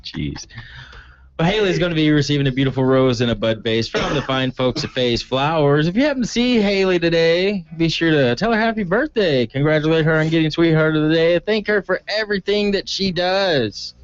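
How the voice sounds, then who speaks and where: A man's voice: fairly high pitch, animated, fairly quick. Jokey male morning radio host. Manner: jokey, laughs often, reads announcements. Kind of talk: casual radio banter. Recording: dull lo-fi radio recording.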